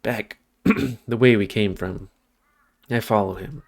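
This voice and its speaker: A man's voice: lowish voice, measured pace. A man reading a visual novel aloud as a let's play, stumbling and correcting himself now and then, with off-script asides. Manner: reads narration with stumbles and self-corrections, breaks off for asides.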